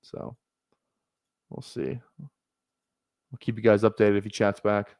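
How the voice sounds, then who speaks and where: A man's voice: on the low side, fairly even intonation, slow, gravelly, a little mellow, dry recording. A man giving casual live-stream commentary on his fantasy football draft, rambling and correcting himself as he thinks aloud.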